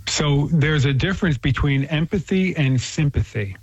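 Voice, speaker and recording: A man's voice: fairly high pitch, normal speed, breathy edge, dry recording. A man in casual conversation, earnestly explaining faith ideas and telling a story. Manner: earnest, storytelling, frequent restarts. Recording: dull, dry lo-fi recording.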